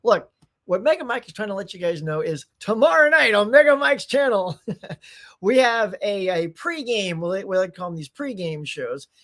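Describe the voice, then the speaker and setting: A man's voice: high-pitched, fairly bright tone. A middle-aged man hosting a casual morning livestream, chatty and upbeat, greeting viewers by name with frequent laughs and restarts. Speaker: livestream host.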